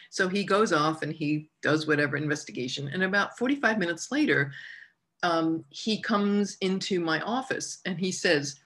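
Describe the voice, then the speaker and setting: A woman telling a personal story in a casual, animated way, full of "like" and restarts. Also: fairly low pitch, normal speed. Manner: laughs through the telling.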